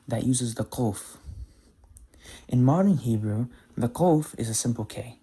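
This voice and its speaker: A man teaching pronunciation, talking slowly and carefully, repeating example words and correcting himself as he goes. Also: mid-range voice, animated, dark tone, husky. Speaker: language teacher. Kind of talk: explaining pronunciation to camera.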